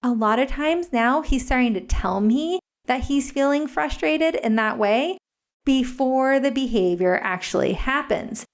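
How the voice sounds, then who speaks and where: Woman guest, earnest and explanatory, fairly high voice, casual podcast talk. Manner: earnest, explains step by step with frequent "like" fillers. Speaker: guest parenting educator. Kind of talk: conversational interview explanation. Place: podcast recording.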